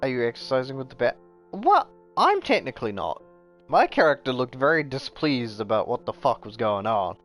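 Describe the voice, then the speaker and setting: A man's voice: mid-range voice, animated, brisk. A man from New Zealand chats on a game live stream, swearing freely and tripping over his words as he reads along. His voice sits in the middle range, with faint game music under it. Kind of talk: casual live-stream commentary and reading aloud.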